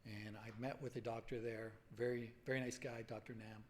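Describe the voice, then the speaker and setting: A man in his forties telling his own story to a symposium audience, halting and emotional, full of restarts and fillers. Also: medium pitch, little pitch movement, slight background noise. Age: 40s. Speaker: patient speaker at a medical symposium. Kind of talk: personal story told to an audience. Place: conference hall.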